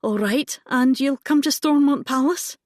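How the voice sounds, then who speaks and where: A woman voicing an eager young woman who teases her brother, in a bright, high, lively voice. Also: measured pace, no echo, clean studio sound. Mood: teasing. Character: eager young woman, Drew's teasing sister.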